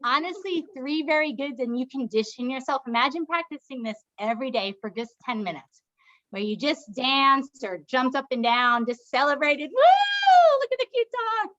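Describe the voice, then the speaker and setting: A woman's voice: high-pitched, moderate pace, sharp tone, highs cut off. A woman leading a laughter yoga session as instructor and doctor, coaxing the group along in an upbeat way with bursts of laughing and cheering.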